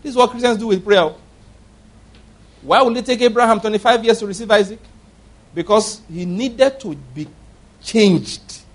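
A man preaching a sermon, from Nigeria, moving between quiet storytelling and loud exhortation and asking the congregation rhetorical questions. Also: normal speed, pauses often. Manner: swings between low murmurs and loud exhortation.

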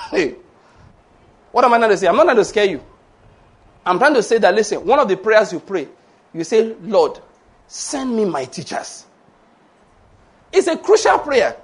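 A man preaching a sermon, animated and humorous, laughing often and acting out the voices he quotes. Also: extremely high pitch.

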